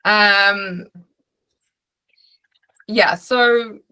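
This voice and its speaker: A woman's voice: mid-range voice, fairly even intonation, very slow, pushed and bright, clean tone, dry recording. A woman with a New Zealand accent coaching artists in a live online session, chatty with many fillers and restarts. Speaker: art business coach. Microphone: video call.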